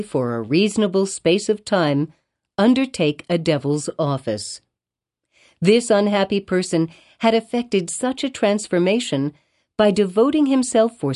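Mellow-voiced woman reading a novel aloud. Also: on the low side. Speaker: audiobook narrator. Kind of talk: scripted narration.

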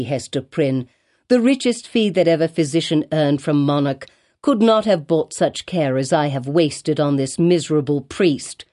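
A woman's voice: sits low, a little mellow. A woman voicing an old male physician in a storybook, bitter and gloating, with an intense, insistent delivery.

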